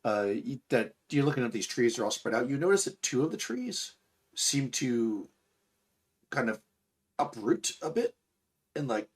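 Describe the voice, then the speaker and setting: A man's voice: mid-range voice, sing-song, normal speed, long pauses, slightly rough. A man narrating as game master for a tabletop game, rambling with fillers and restarts.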